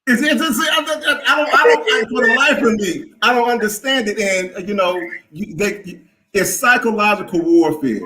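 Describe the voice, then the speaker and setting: 50-something guy calling in, bright kinda high voice, stammers and repeats himself a lot. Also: moderate pace, a little hiss or hum, low-quality recording. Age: 50s. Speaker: caller. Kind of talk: emotional live-stream call.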